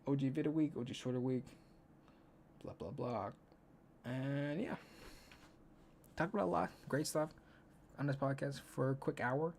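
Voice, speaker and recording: A man's voice: medium pitch, unhurried, pauses often, darkish tone, a little hiss or hum. Rambling young man hosting a podcast. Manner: rambling, profane, counts aloud to himself. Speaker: podcast host. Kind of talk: casual solo podcast chat.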